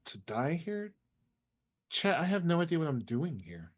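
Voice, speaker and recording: A man's voice: a little high, very animated, a little slow. Sarcastic joking man playing a tabletop game. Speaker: player.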